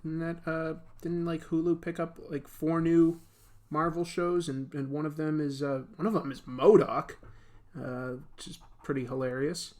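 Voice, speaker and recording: A man's voice: a little high, steady tone, moderate pace, darkish tone. A man hosting a casual art livestream, chatting in a rambling, joking way while he draws. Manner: rambling, joking, lots of fillers. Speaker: comics artist and livestream host.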